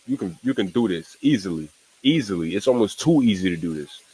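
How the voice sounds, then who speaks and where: A man's voice: fairly low pitch, animated, brisk, dark tone, breathy edge, poor audio. A young man streaming casual reaction commentary, rambling in slang, repeating "you know what I'm saying" and laughing at asides.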